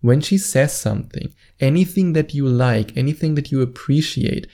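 Confident male dating coach with a dark, gravelly voice, for a straight-to-camera advice spot. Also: medium pitch, normal speed. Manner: confident and instructive, drawing out words for emphasis. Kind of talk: direct-to-camera advice monologue.

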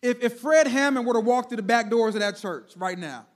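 A man preaching a sermon as senior pastor, talking straight to his congregation, often repeating words and swinging between loud emphasis and hushed, stretched-out words. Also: extremely high pitch, a little fast.

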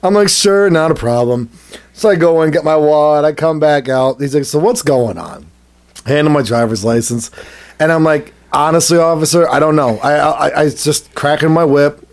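A man telling a story in casual chat, animated and laughing often as he acts out what people said. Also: a little high, normal speed. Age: adult, has a son. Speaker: podcast co-host telling a story.

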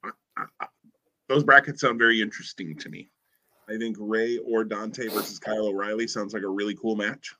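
Bright-toned man chatting casually. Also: fairly low pitch, steady tone, brisk. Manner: rambling, filler-heavy, enthusiastic. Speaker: podcast co-host. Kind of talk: casual chat.

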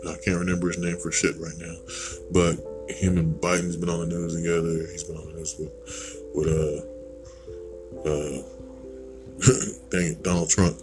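Very deep-voiced rambling American man. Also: level tone, moderate pace, pauses often, over music, rough recording. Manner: rambling, digressive and blunt, with casual swearing. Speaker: podcast host. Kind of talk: casual opinion monologue.

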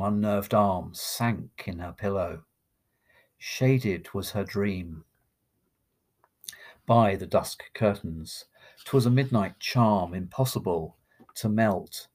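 A man reading a long narrative poem aloud in a measured, expressive way. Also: fairly low pitch, husky. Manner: slow, measured, expressive recitation. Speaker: poetry reader. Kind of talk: dramatic poetry reading.

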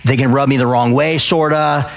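A man from Arizona speaking at a live event, lecturing an audience in a loud, passionate way and often checking in with "okay?" and questions. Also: medium pitch, steady tone, moderate pace, gravelly. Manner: addresses the crowd with frequent "okay?" and questions.

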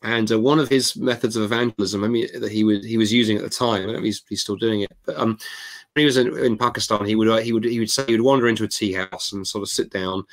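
A man's voice: on the low side, fast talker. A man, a guest author, talking casually and animatedly, acting out quoted dialogue as he tells stories. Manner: animated storyteller who acts out quoted dialogue. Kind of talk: casual conversation.

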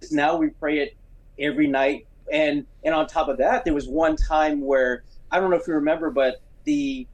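A man as a talk show guest, speaking enthusiastically with halting restarts. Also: on the high side, darkish tone, rough recording. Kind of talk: casual conversation.

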